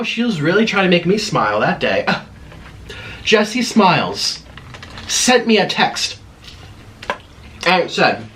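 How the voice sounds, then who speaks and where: A man with a somewhat high voice tells a dramatic story as he eats on camera for his vlog. His talk is chatty and full of asides, and faint noise sits under it. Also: fairly bright tone. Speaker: vlogger.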